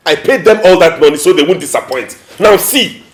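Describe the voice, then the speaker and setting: An exasperated, high-voiced Nigerian groom. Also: male voice, animated, a little fast. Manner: exasperated, complaining. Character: frustrated groom on his wedding day. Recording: echoey room.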